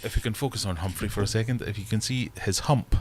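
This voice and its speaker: A man's voice: on the low side, fast talker, a little hiss or hum. A man hosting a casual livestream from his fish room, chatting in a rambling, self-deprecating way. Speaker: livestream host and fishkeeper.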